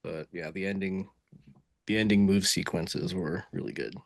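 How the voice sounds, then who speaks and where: A man with a lowish voice talks with easy enthusiasm and drops the odd curse word. The sound is dry and close, with little room around it. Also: moderate pace, creaky, dry recording. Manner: enthusiastic, swears casually. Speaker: podcast co-host. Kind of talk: casual wrestling review chat.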